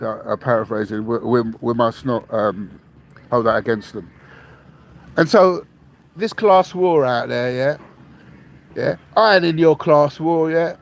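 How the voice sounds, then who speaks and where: A man's voice: medium pitch, poor audio. A man, hosting a podcast monologue, repeating himself, swearing, and ending lines with "yeah?". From England, raised in London. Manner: repetitive, tags statements with "yeah?"; blunt and defiant, swears. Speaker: podcast host. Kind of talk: rambling monologue to listeners.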